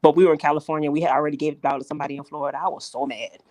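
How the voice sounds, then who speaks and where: A woman's voice: low-pitched, rapid-fire, no room sound. Woman telling stories in casual chat, dry mic. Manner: storytelling, animated and exasperated.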